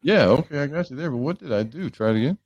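A man's voice: on the high side, lively intonation, fast, darkish tone, dry recording, lo-fi sound. A man hosting a livestream, chatting casually and joking as he greets viewers by name. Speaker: livestream host. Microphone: headphones on a livestream setup.

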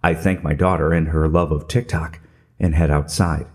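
A man's voice: rumbling low, flat delivery, normal speed, darkish tone. A middle-aged man telling a scripted comedic story in a wry, self-mocking way. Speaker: podcast narrator.

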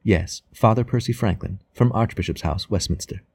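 A man reading as a steady, guarded priest. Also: on the low side, brisk, slightly rough, no echo. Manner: steady, reserved, curt. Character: steady, guarded middle-aged male priest.

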